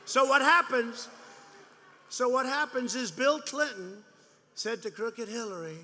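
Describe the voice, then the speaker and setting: A man's voice: extremely high pitch, unhurried, sharp tone. A man giving a rambling, repetitive campaign rally speech to supporters, mocking and boastful. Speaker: politician addressing supporters. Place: large indoor rally venue. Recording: long hall reverb, faint background noise.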